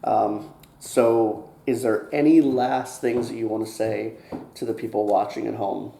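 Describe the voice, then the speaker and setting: A man hosting a casual interview who talks in a relaxed, friendly way with frequent fillers. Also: on the low side, unhurried, creaky. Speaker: podcast host. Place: inside a brewery taproom. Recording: echoey room with faint hiss.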